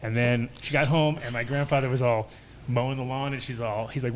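A male show host with a mid-range voice speaks briskly over slight background noise. In a casual, animated chat, he tells a rambling, profane story and acts out the voices of the people in it.

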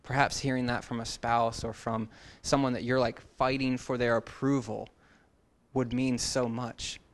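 A man's voice: mid-range voice, little pitch movement, moderate pace. A man teaching a Bible passage in a casual expository sermon, talking conversationally and dropping joking asides.

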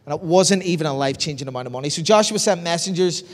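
A man with a Northern Irish accent preaching a sermon as pastor, in a lively, conversational storytelling way. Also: on the high side, quick pace. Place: church hall. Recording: long hall reverb.

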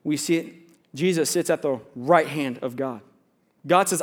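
A male pastor of students and young adults preaching a sermon to a congregation, chatty and joking, with quick asides between loud emphasis and quiet remarks. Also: a little high. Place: church sanctuary with a congregation.

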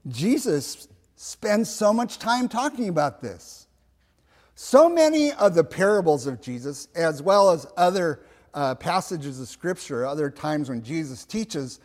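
Slow, emphatic preaching man. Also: fairly high pitch, big-room sound. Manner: slow and emphatic, with rhetorical questions. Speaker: pastor. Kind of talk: sermon.

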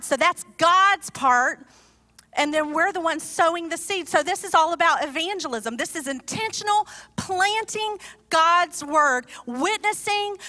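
Woman, preacher, sermon, conversational storytelling, bright tone, long reverb. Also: very high-pitched. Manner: conversational, animated storytelling with asides.

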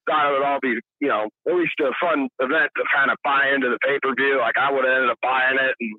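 A man's voice: medium pitch, fast talker, dry recording. A man calling into a live show from work, speaking casually and hesitantly, with plenty of fillers. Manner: relaxed, hesitant, with many fillers. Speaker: caller. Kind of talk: casual phone-in chat. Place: noisy factory at work. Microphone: Bluetooth headset on a phone line. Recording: tinny, narrow phone line.

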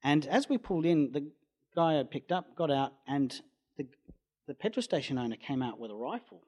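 A man's voice: fairly high pitch, lively intonation, normal speed. A man with an Australian accent, a storm chaser telling a rambling anecdote in an interview. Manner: rambling storyteller, acts out quoted voices loudly.

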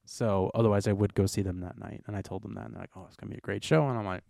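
A young American man hosting a casual podcast, telling rambling, animated stories. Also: on the low side, racing, vocal fry, no room sound, studio quality. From United States. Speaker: podcast host.

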